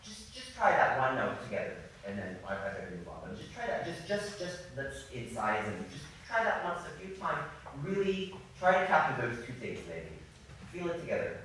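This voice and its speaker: Male music coach leading a masterclass, animated and apologetic, heard from a distant mic in a very echoey hall. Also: a little high, moderate pace, slight background noise. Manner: apologetic, animated, demonstrating by singing. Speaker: viola masterclass teacher.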